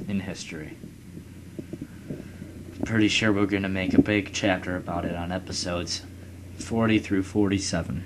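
A man's voice: sits low, steady tone, a little slow, long pauses, noisy background. A young man casually commenting on his strategy game, rambling, swearing at rival nations and reading game text aloud. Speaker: let's player.

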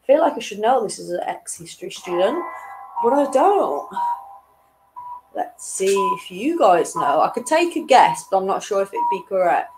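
A woman's voice: medium pitch, very animated, moderate pace, over music. A young woman hosting an online quiz in a chatty, giggly way, reading each question twice and tripping over her words. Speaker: quiz host.

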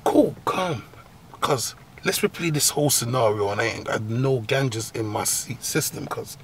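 A man giving comic advice as a host, in a profane, slang-heavy rant full of laughs and sudden high squeals. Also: normal speed, slight background noise. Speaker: agony-uncle comedy host.

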